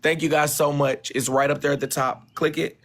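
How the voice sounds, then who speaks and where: A man's voice: a little high, little pitch movement, fairly quick. A man hosting a livestream panel, easygoing, thanking viewers and reading out comments. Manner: easygoing, coaxing, reads out comments.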